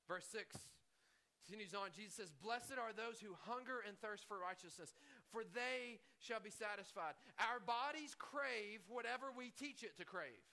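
A man's voice: high-pitched, normal speed, creaky, sharp tone. A male pastor preaching a sermon in a conversational way, telling stories and asking the congregation questions.

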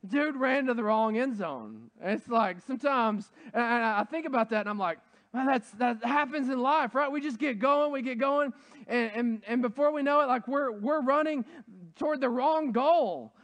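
A pastor with a high-pitched voice delivers a sermon in a relaxed, chatty way, stumbling through restarts and fillers. When he retells a story he gets loud and excited. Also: normal speed. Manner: casual, conversational preaching with many fillers.

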